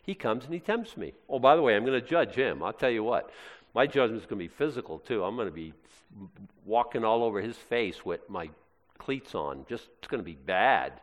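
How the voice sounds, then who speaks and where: Lively, joking preacher in an echoing hall. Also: male voice, lowish voice, brisk. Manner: animated, jokey preaching with playful asides. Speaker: pastor. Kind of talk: sermon. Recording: long hall reverb.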